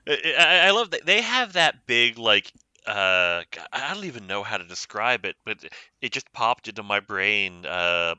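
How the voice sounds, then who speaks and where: A man co-hosting a casual book discussion podcast, joking wryly about the characters in quick asides. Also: lowish voice, very animated, bright, forceful tone, clear, resonant tone, dry recording. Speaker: podcast co-host.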